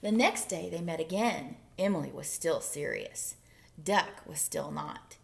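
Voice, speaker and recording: A woman reading a picture book aloud for kids, with a lively, swooping voice and a gravelly edge. She reads at an easy, unhurried pace, dropping into playful whispers for her asides. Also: sits low. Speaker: children's librarian. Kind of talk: story time read-aloud.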